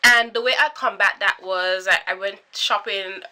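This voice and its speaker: A young woman in her twenties with a Caribbean accent, chatting to camera in an animated, storytelling way. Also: mid-range voice, normal speed. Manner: animated, chatty, full of filler likes and dramatic quoted reactions. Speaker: vlogger.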